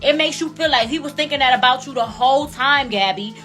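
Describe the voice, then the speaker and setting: A young woman in her late twenties talks through her take in a loose, chatty commentary style, circling back to repeat her points. Her voice sits high and sounds bright and forward. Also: fairly quick, soft background music. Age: 20s. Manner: emphatic, repeats points for effect. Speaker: commentary channel host. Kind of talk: casual reaction commentary.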